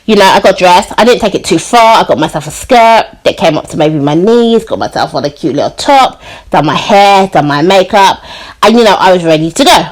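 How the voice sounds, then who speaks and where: A woman's voice: on the low side, expressive, fairly quick, rough recording. A woman telling a personal story on her vlog in a chatty way, full of "you know" and "like", acting out the people she quotes. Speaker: YouTuber.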